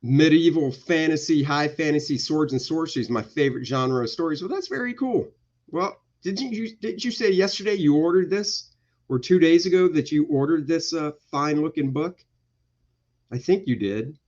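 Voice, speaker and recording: A comic artist hosts an art livestream, chatting casually with his viewers, joking and rambling. His voice is a little high with a darkish tone, his pace moderate, and the recording's highs are cut off.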